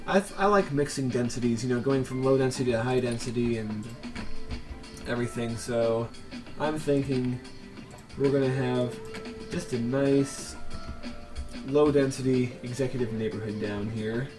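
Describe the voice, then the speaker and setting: A man's voice: medium pitch, moderate pace, music in the background. A man hosting a let's play, casually commenting on his gameplay with chatty, joking asides.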